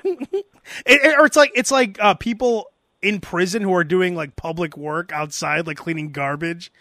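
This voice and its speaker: A man with a high, light voice hosts a casual podcast and tells lively comic stories. He is recorded close and dry, with no room around him. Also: moderate pace, no room sound. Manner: animated storytelling, mimics voices. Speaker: podcast host. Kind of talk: casual comedic chat.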